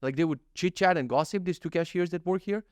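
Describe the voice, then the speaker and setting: Vlogger, male, 30s, slightly high voice, profane and animated storyteller, dry close recording. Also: quick pace, no room sound. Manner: animated, profane, acts out his own thoughts and quotes. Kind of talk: casual storytelling monologue.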